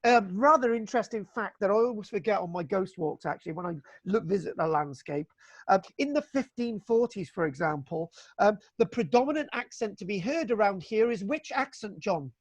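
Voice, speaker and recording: Chatty lecturer, a man with a fairly high voice, folksy, dry close sound. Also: lively intonation, brisk, no room sound, dull audio. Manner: chatty, folksy, many fillers and restarts. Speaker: local history lecturer. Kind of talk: online illustrated history lecture.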